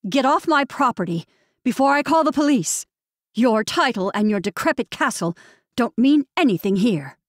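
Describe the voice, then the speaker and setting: Voiced by a woman narrator, a protective mother speaks in a tight, harsh voice, loud and cutting. She is fierce and unyielding. The audiobook sound is dry. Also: a little high, moderate pace, few pauses, no room sound, voice pushed up, natural voice. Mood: furious.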